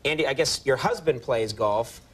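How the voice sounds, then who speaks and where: A man's voice: mid-range voice, lively intonation, moderate pace, slightly rough. A man in his thirties hosting a late-night television talk show, bantering with a guest in a joking, mock-innocent way. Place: television studio with live audience.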